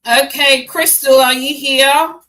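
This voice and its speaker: A chatty woman talks straight to her live viewers in loose, slangy banter. Her voice sits a bit high and sounds bright and forward. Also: steady tone, slow pace, rough recording. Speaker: tarot reader hosting a live stream. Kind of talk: casual live-stream chat.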